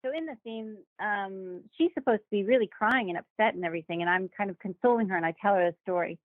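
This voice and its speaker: Woman guest, lively anecdote-teller, tinny dry call audio, average pitch. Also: quick pace, no echo. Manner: animated, acts out quoted voices with laughs. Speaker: guest actor. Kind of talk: casual interview storytelling.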